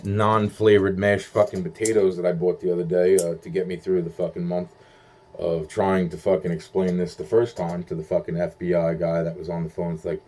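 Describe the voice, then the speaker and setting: A man's voice: sits low, level tone, brisk, dark tone. A young man rambling in a profane monologue, stumbling through restarts and acting out quoted voices.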